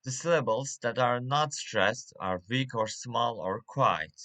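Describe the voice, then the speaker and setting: Slow, halting man with a bright voice. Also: mid-range voice, expressive. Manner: slow and halting, with many fillers and restarts. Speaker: English teacher. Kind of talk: reading a pronunciation lesson.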